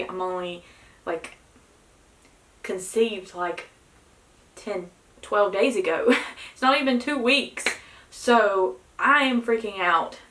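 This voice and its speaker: A young woman, vlogging casually to camera, excited and nervous, with many gasped exclamations. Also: medium pitch, creaky, roomy sound, a little hiss or hum, poor audio. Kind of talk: casual vlog talk to camera.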